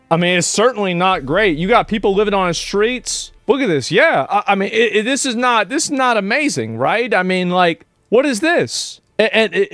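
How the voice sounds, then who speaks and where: A man's voice: a little high, fairly bright tone, dry recording. A man in his thirties from the United States, reacting to videos in blunt, profane casual commentary full of restarts and asides.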